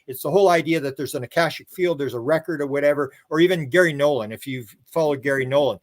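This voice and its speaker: A man's voice: fairly high pitch, fast. An older man, a guest author and researcher, telling long rambling stories in a casual interview. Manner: rambling storyteller who acts out other people's words.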